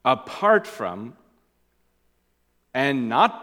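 Man, pastor preaching, emphatic, slow and deliberate, slightly high voice, echoing church hall. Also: expressive. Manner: emphatic preaching, repeats key phrases, swings from loud to quiet. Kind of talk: sermon.

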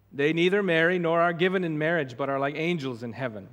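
A man's voice: a little high, fast, hardly any pauses, fairly bright tone. A male pastor preaching an expository sermon, emphatic, repeating and stressing words as he teaches. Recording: long hall reverb.

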